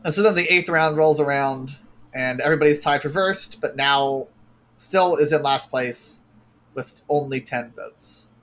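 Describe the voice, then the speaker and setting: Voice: mid-range voice, unhurried, fairly bright tone. Profane, exasperated podcast co-host. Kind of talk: casual chat recapping a show.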